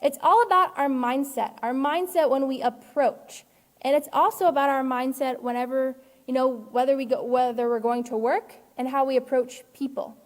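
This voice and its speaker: A woman's voice: sits high, fairly even intonation, normal speed, long reverb tail. A woman teacher giving an online character-education lesson in an earnest, encouraging way. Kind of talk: live online class lesson.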